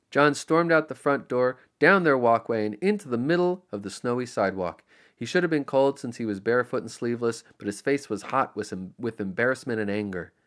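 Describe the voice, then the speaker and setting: A man narrating an audiobook in an expressive, storytelling manner. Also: fairly low pitch, a little fast. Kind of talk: scripted narration.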